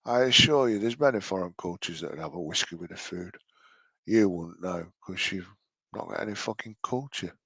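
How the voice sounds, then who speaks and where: A man's voice: low voice, normal speed, creaky, husky, dry recording. A man giving sarcastic, sweary reaction commentary over a video. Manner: mocking, sweary, deadpan asides.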